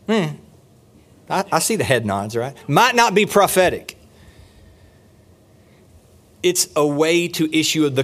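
Man preaching with emphasis. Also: a bit bright. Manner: emphatic preaching, rising on key points and dropping low and slow for stress. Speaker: pastor. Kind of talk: sermon. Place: church sanctuary.

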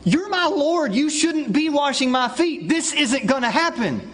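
A man voicing an impulsive, protesting male disciple in a high, insistent voice. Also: very animated, measured pace, a bit bright, slight background noise, full character voice.

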